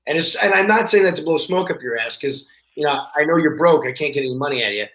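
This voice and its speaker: A man talking as a podcast guest in casual chat, telling stories in an animated way and acting out the voices of the people in them. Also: fairly high pitch, fast, slight background noise. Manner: animated storyteller, acts out quoted voices. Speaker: guest actor. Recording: roomy echo.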